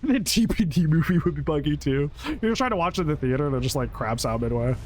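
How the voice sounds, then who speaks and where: A quick-paced, somewhat high male voice, lively and a little mellow, comes through with slight background noise. It belongs to a gaming YouTuber doing laid-back, jokey live commentary while playing, chatting with on-screen players and laughing and cursing often.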